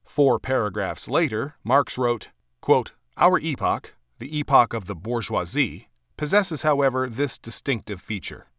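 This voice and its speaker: A man reads a book aloud, his pitch rising and falling in a lively way as he stresses each point. The recording is close and dry, with no room sound. He reads at a measured, emphatic pace. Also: no echo. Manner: measured, emphatic reading with clear quote markers.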